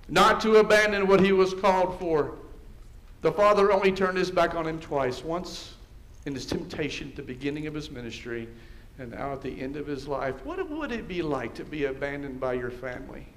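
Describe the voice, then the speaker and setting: A man preaching a sermon and leading prayer in a church, slow and prayerful, asking rhetorical questions and moving between hushed and loud. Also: fairly high pitch. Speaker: pastor. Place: church sanctuary.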